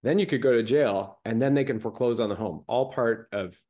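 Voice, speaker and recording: A male host from Canada talking in an intense, rapid-fire rant during a casual chat. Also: medium pitch, mellow.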